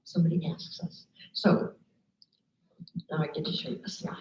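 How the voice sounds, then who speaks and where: Lively storytelling woman on stage. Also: deep voice, moderate pace, slight background noise. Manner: lively storyteller, acts out quoted people. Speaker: motivational speaker. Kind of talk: live talk to an audience with slides. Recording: echoey room, dull lo-fi sound.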